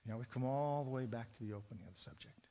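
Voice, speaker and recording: A man's voice: mid-range voice, rapid-fire, warm tone, in a large hall, highs cut off. A man preaching a sermon, asking rhetorical questions and dropping joking asides. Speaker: pastor.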